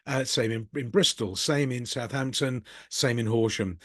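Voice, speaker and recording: A man's voice: mid-range voice, normal speed, no room sound, studio quality. A middle-aged man with a Birmingham accent, talking candidly and a bit ramblingly in a casual reflective monologue, with a self-deprecating streak. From Birmingham, England. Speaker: business coach and channel host.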